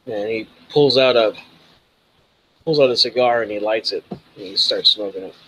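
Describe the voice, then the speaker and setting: Casual, cursing game master. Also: male voice, lowish voice, sharp tone, husky, poor audio. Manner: casual, profane, halting narration. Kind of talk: narrating a tabletop game.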